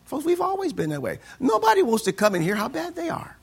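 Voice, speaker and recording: A man preaching a sermon, asking the congregation for amens and swinging between loud declaiming and quiet asides. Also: extremely high pitch, wildly swooping pitch, quick pace, creaky. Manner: call-and-response preaching, asks for amens. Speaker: pastor.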